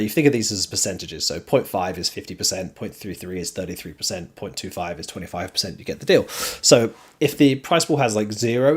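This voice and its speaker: A man hosting a stream, talking through esports ranking rules in a steady, explanatory way with frequent ums. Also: on the low side, husky. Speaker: streamer host. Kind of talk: casual esports commentary.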